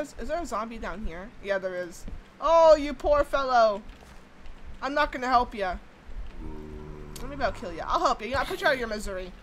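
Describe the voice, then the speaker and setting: A young woman talks through her game in a high, very animated voice. She chats, exclaims and swears casually at what happens on screen. Faint noise sits behind her. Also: rough recording. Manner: chatty, exclaims at the game, swears when annoyed. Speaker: gaming YouTuber. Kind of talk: casual let's-play commentary.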